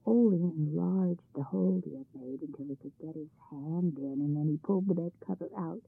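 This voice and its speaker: A woman narrates a folk tale with an expressive, lively read. Her voice is husky with a gravelly edge. It sounds dry and tinny, like it comes through a phone line. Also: deep voice, brisk, dry recording. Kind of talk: storybook narration.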